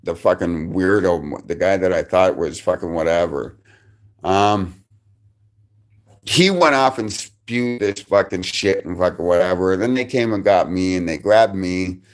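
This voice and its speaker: A man's voice: low-pitched, a little slow. A man telling a rambling personal story on a live stream, swearing constantly and restarting his sentences.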